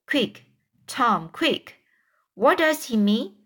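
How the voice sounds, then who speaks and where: A woman's voice: fairly high pitch, expressive, very slow, fairly bright tone, pitched above the performer's own voice, full character voice. A woman voicing Huck, a timid, superstitious boy whispering in fear in a storybook reading. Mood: fearful. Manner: fearful whispering.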